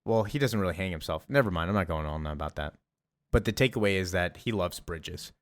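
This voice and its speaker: A man's voice: low-pitched, expressive, a little fast. A man recapping a comic book story in a casual, chatty, enthusiastic way, with rambling asides.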